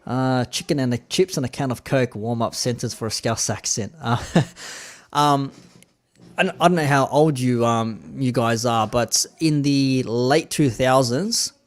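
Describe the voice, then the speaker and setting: A man's voice: medium pitch, measured pace. A man in his thirties with an Australian accent, hosting a laid-back, rambling live-stream chat in plain slang.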